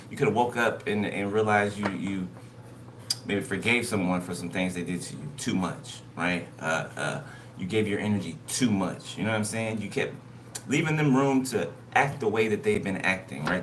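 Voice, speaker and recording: A man giving a casual spoken tarot reading, loose and conversational, who keeps checking in with his listeners. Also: on the low side. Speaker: tarot card reader. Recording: noisy recording.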